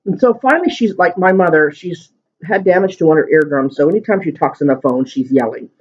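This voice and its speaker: A man's voice: a little high, quick pace. A man casually chatting at home while eating on camera, telling a long rambling story. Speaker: mukbang vlogger. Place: at home at the dinner table. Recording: muffled lo-fi sound.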